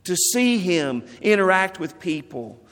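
A male pastor delivers a sermon at an unhurried, deliberate pace, leaning on repeated phrases to drive his points home. His voice sits a little high for a man. It rings out with the long reverb of a church sanctuary. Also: sing-song, fairly bright tone. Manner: slow, deliberate preaching with repeated emphasis.

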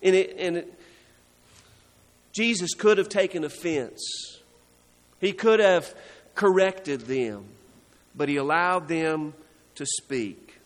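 A man preaching a sermon, slow and earnest, dropping soft and low when he quotes scripture. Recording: hall reverb.

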